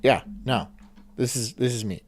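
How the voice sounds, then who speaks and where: A man's voice: mid-range voice, moderate pace. A man hosting a stream, reacting casually with rambling, swearing asides. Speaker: streamer host.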